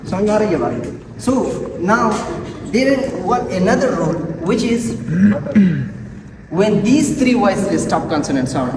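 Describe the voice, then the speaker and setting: Guy w doing a class presentation, higher voice, repeats stuff, far off in a noisy echoey room. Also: expressive. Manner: repeats words and examples slowly, halting. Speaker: student presenter.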